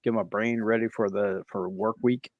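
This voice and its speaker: A man joining a comedy podcast over a video call, speaking in a relaxed, sarcastic way. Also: fairly low pitch, moderate pace, no echo, dull audio. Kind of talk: casual comedy podcast banter. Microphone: video call mic.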